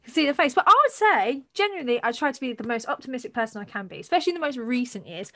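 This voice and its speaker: A woman co-hosting a podcast in casual chat, animated and blunt, swearing and asking rhetorical questions. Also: high-pitched, very fast, few pauses, no room sound, studio quality. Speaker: podcast co-host.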